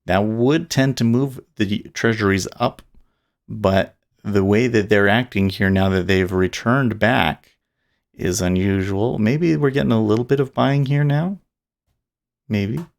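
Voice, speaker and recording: A man's voice: on the low side, unhurried, creaky. A man talking casually and rambling as he streams his live day trading, often restarting and chuckling. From Utah.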